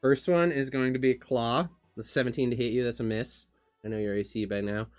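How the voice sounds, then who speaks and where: A man's voice: medium pitch, fairly even intonation, a little fast, faint music behind. A man running a tabletop game on a stream, casual and swearing as he narrates the action. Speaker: game master.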